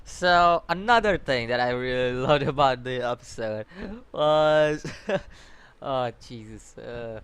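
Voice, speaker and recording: Guy rambling through a casual review, laughing and swearing, smooth clear voice. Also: mid-range voice, takes it slowly, fairly bright tone, no room sound. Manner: rambling, laughing often, swearing, restarts sentences. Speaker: anime reviewer, channel host.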